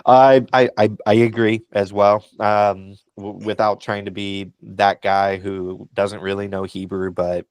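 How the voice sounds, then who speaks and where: A man with a deep voice that stays low and level speaks in a casual podcast discussion. He sounds encouraging and pastoral, peppering his thoughts with ums, and the recording is dry with no room sound. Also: flat delivery, measured pace, hardly any pauses, darkish tone, clear, resonant tone, no echo. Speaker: podcast co-host.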